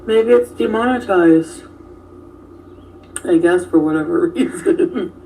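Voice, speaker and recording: A woman's voice: lowish voice, slow, warm tone, distant mic, slight background noise, poor audio. A woman hosting a casual livestream, reacting to viewer comments and chatting with a co-host.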